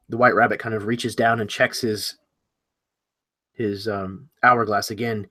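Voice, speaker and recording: A man's voice: lowish voice, steady tone, normal speed, sharp tone. A man narrating a tabletop game as game master, describing actions with many hedges. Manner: descriptive, hedging.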